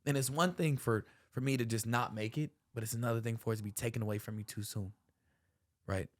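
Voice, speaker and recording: A man's voice: medium pitch, fairly even intonation, fast talker. A young man hosting a podcast, telling a personal story earnestly, full of slang like bro and man. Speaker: podcast host.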